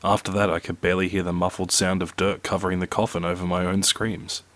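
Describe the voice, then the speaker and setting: A man reading out short horror stories in a slow, measured narration. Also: deep voice, flat delivery, very noisy. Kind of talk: reading scary two-sentence stories.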